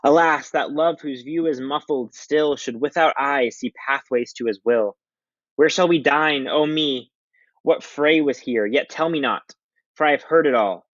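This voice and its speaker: Guy reading as a lovesick dramatic young noble, slow sighing verse, higher voice, dull dry lo-fi sound. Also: a bit bright, no room sound. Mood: melodramatic.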